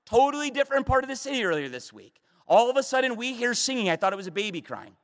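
A man delivers a fervent sermon in a strikingly high voice, leaning hard into emphatic declarations and falling to quiet asides. His words trail off into a long, echoing hall reverb. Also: sing-song, fast. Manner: fervent, emphatic, swinging between loud and hushed. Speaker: preacher.

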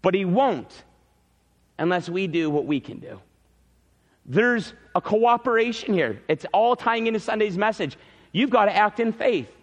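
A male pastor preaching a sermon in a church, emphatic, repeating key phrases and swinging between loud peaks and quiet drops. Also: high voice, expressive, measured pace, long reverb tail, dull audio.

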